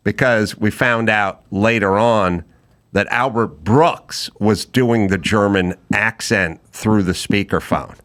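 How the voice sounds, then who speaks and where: A man's voice: on the low side, slow, fairly bright tone. A man hosting a podcast, telling a story in casual chat and acting out the quoted dialogue in big voices. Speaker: podcast host.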